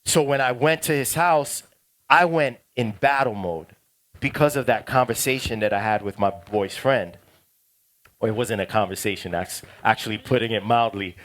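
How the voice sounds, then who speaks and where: Animated middle-aged New man telling a story. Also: medium pitch, moderate pace. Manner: animated, slangy storyteller, gets loud and excited. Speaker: DJ teaching a workshop. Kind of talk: casual storytelling to a class.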